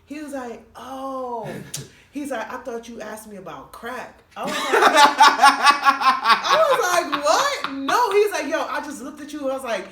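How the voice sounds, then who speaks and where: Bright-voiced woman telling a comic story. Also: sing-song, a little slow. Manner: laughs often, acts out quotes with big pitch jumps. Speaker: comedian guest. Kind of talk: animated comedic storytelling. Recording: echoey room, mic at a distance, faint noise.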